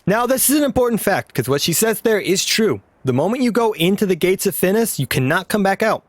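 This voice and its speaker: A man's voice: high voice, big pitch swings, brisk, no room sound. A man casually commenting on a video game he plays, rambling and trailing off. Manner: rambling, chuckling, trails off mid-sentence. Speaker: let's play host.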